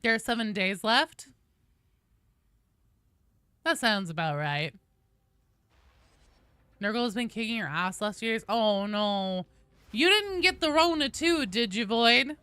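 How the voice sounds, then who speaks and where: A chatty, excitable woman streaming a game and greeting her viewers one by one. Her fairly high, bright voice leaps up and down constantly, and the recording is close and dry. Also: slow, long pauses, smooth, dry recording. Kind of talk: casual live-stream chat.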